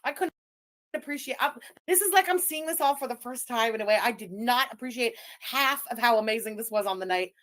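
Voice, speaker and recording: A woman's voice: fairly high pitch, fairly quick, a bit bright. Gleeful mocking woman streamer. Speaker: streamer reacting to a clip. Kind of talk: livestream reaction commentary.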